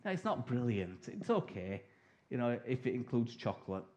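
A man's voice: mid-range voice, big pitch swings, moderate pace, a little mellow, lo-fi sound. A middle-aged man preaching a sermon in a chatty, humorous way, acting out prayers and replies.

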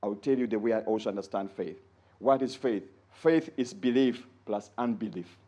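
A man preaching a sermon in an animated way, rising high when he quotes others and dropping low for asides. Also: normal speed, muffled recording.

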